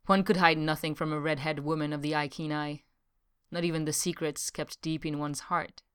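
A woman narrating a novel as an audiobook, in a measured, even way. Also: low-pitched, clear, resonant tone. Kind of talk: scripted narration.

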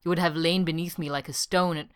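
Woman reading guilty awkward young man, low smooth voice, halting, uncomfortable. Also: steady tone, no room sound, clean studio sound, natural voice.

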